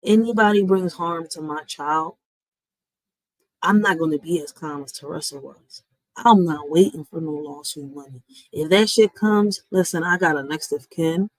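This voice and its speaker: A woman's voice: on the low side, animated, moderate pace, dry recording, low-quality recording. A woman streamer talking to her live chat in a blunt, heated rant, swearing and addressing viewers directly. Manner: blunt and heated, swearing, with sudden loud and quiet swings; talks straight to viewers, often with "listen" and "y'all". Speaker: reaction streamer.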